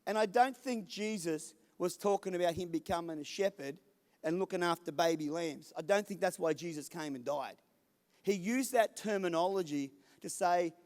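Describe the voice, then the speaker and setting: A man with a high-pitched voice preaches a loose, conversational sermon. He acts out the lines of the people in his story with lively, animated delivery. The long reverb of a big hall hangs behind every word. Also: moderate pace. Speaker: lead pastor. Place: church service in a large hall.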